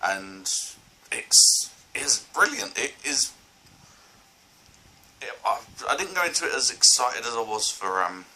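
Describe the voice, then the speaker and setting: A man's voice: medium pitch, big pitch swings, unhurried, pushed and bright, a little hiss or hum, rough recording. A man reviewing films in a casual vlog, rambling and enthusiastic, full of fillers and restarts. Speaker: film reviewer.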